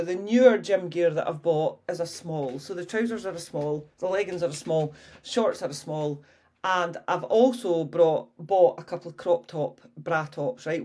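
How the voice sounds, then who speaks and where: Frank, swearing woman in her fifties. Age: 50s. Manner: frank and chatty, swears freely, lively pitch swings. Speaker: fitness coach and podcast host. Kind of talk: casual solo podcast chat.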